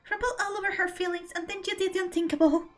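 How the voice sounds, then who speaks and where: A woman's voice: extremely high pitch, steady tone, fast talker, a bit bright, soft background music. A woman streamer reading video game dialogue aloud, dramatic and emotional, close to tears.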